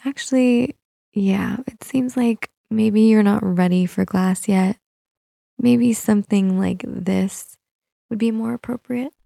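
A teasing, controlling young woman, played by a woman in an audio role-play, coaxing her listener with soft laughs. Her voice has a gravelly fry and a dark, mellow tone. The sound is close and dry, with no room around it. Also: fairly high pitch, a little slow, no room sound.

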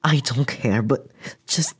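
A man's voice: medium pitch, takes it slowly, a little hiss or hum. A man in an intimate whispered role-play, speaking hesitantly to the listener and often dropping to a whisper.

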